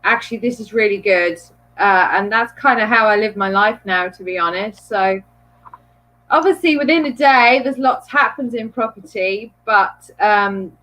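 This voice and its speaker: A woman's voice: mid-range voice, normal speed, pushed and bright, rough recording. An Irish woman from near Dublin, a bubbly guest chatting live on a video call. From Ireland. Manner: bubbly, laughs easily. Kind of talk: live online chat.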